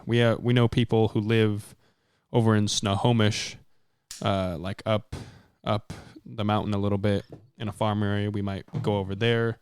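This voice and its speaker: A man's voice: fairly low pitch, smooth, no room sound. A young man hosting a podcast, rambling casually and cursing now and then. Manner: rambling, laid-back, swears casually. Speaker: podcast host. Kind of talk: casual chat.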